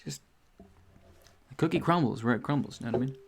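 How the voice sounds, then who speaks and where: A man's voice: mid-range voice, fast, creaky, a little hiss or hum. Man chatting casually on stream. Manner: rambling, profane, self-correcting. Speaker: streamer host. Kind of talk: casual livestream chat.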